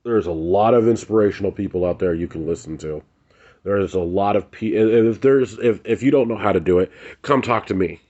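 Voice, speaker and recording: Angry, profane man ranting, low voice. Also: fairly quick, a little mellow, highs cut off. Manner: angry, blunt and profane, repeats phrases for emphasis. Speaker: vlogger. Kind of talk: heated ranting commentary to camera.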